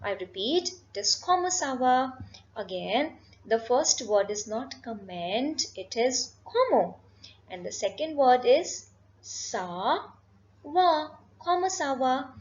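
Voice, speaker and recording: Slow-paced woman teaching a language lesson. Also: fairly high pitch, highs cut off. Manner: slow, careful, repeats words. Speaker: French teacher. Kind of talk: classroom lesson.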